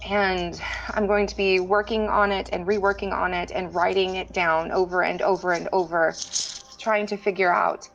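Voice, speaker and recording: A woman's voice: fairly low pitch, flat delivery, moderate pace, creaky, fairly bright tone, muffled recording, slight background noise. A woman player in a tabletop game, describing her character's actions in a plain, explanatory way.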